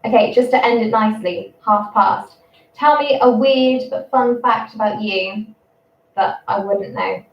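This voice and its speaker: A young English woman in her twenties, a primary school teacher chatting casually on a livestream, rambling and quick to laugh. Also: a little high, a little hiss or hum. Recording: roomy, distant, dull sound.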